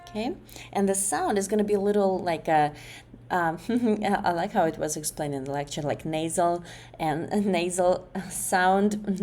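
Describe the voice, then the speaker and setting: A woman with a low, mellow voice walks through voice exercises for a class presentation. She pauses often with fillers and restarts her phrases. Faint room ambience sits behind her. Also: a little hiss or hum. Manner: hesitant, many fillers and restarts.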